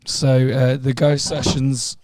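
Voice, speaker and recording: A man co-hosting a podcast, his voice hoarse and gravelly after two days of screaming, talking in a slow, jokey drawl. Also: medium pitch, little pitch movement, darkish tone, slight background noise. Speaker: podcast co-host. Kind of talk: casual chat.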